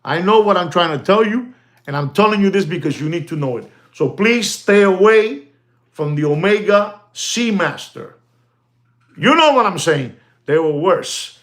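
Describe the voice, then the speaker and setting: A man livestreaming about watches talks in a voice pitched a little above the usual. He repeats himself for emphasis, drops Spanish exclamations into his English, and slides between punchy declarations and quiet mutters. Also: expressive, moderate pace. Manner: emphatic and repetitive, dropping to near-mutters. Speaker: watch channel host. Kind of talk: live-streamed casual rant.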